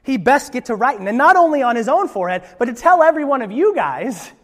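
A pastor delivers a sermon with a bright, high-pitched voice, moving from scripture reading into loose, playful asides. His voice carries a long reverb, as if from a large church hall. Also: quick pace. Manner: lively, conversational preaching with playful asides.

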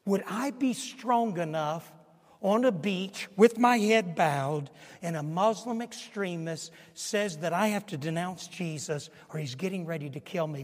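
A pastor in his sixties preaching a sermon, swinging from hushed asides to shouted emphasis. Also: high-pitched, measured pace. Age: 60s. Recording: long hall reverb.

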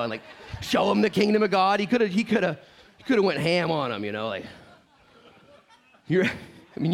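A man in his thirties preaching a conversational sermon as a pastor, animated and joking, telling stories and often repeating words as he goes. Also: medium pitch.

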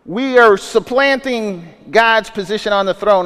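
A man's voice: high-pitched, moderate pace, fairly bright tone. A male pastor preaching a sermon in a conversational way, asking rhetorical questions and restarting his sentences often. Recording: long reverb of a large hall.

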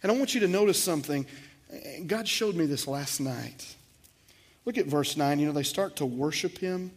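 A man's voice: on the high side, expressive, moderate pace. A man preaching a sermon to his congregation, emphatic, with swells in volume and repeated words. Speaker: pastor.

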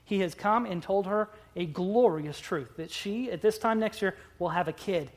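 Pastor mid-sermon, medium pitch, emphatic, stretches words out, with playful asides to the congregation. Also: heavy background noise. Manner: emphatic, with drawn-out words and sudden loud bursts.

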